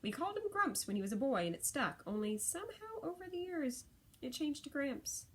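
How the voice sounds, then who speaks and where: A woman's voice: sits high, very animated, brisk, voice pushed up. A woman doing a fussy, tender old granny. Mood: fond. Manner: prim, scolding then tender. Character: fussy, loving elderly great-aunt.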